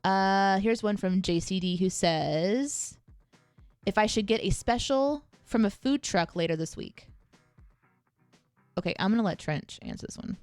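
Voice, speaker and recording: A woman's voice: medium pitch, a little mellow, clear, resonant tone, no echo, soft background music. Chatty woman streamer, dry sound. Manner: chatty, answering chat questions quickly. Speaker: streamer host. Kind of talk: live-stream chat.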